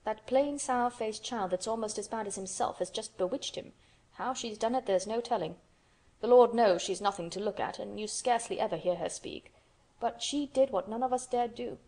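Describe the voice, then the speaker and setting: A woman's voice: fairly high pitch, normal speed, a little mellow, natural voice. A woman voicing a chatty middle-aged housekeeper. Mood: amazed. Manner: chatty, incredulous. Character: gossiping middle-aged housekeeper, brisk and amazed.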